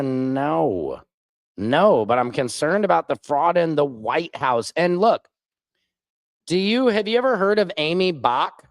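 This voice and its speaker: A man's voice: on the high side, lively intonation, unhurried, dry recording. A man hosting a live stream, reading chat comments aloud and answering them in a combative, sarcastic way. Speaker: livestream host.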